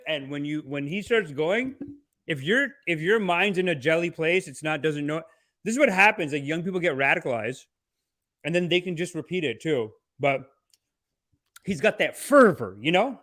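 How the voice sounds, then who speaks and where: A man's voice: a little high, dry recording, studio quality. Sarcastic man hosting a podcast. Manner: animated, sarcastic, rambling. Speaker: podcast host. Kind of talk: comedic commentary.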